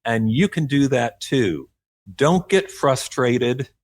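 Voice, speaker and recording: A man's voice: mid-range voice, lively intonation, takes it slowly, no echo. A man from Oklahoma, an author talking as a guest in a radio interview, earnest and encouraging, with frequent light laughs. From Oklahoma, USA.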